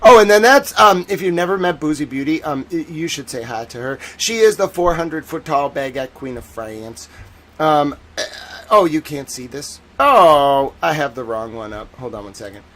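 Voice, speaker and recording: A man hosting a casual legal commentary stream, animated and sarcastic, who mocks people in whiny put-on voices. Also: on the high side, moderate pace, slight background noise. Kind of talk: casual chat.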